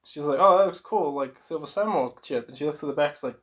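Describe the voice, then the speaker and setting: A man's voice: on the high side, fairly bright tone. A man casually recapping a horror movie on a podcast, rambling with lots of fillers and acting out lines from the film. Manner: rambling, filler-heavy, acts out characters in quick impressions. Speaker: podcast co-host.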